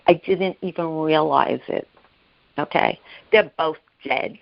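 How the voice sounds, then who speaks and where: A woman telling an emotional personal story as a guest, halting and repeating herself, acting out the voices of the people she quotes. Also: deep voice, vocal fry, lo-fi sound. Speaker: guest sharing her story. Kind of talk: emotional personal testimony on a podcast.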